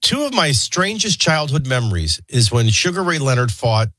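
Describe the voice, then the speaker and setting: Man, husky voice, dry close mic, talk radio host, casual storytelling. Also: mid-range voice, sing-song, a bit bright, no echo. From New Orleans area. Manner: chatty, rambling anecdotes with quick sports scores. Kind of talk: casual storytelling and sports rundown.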